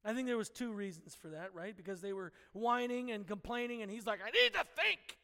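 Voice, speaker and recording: Very high-voiced man preaching in a hall. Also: fairly quick. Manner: earnest teaching with playful, laughing asides. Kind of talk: sermon.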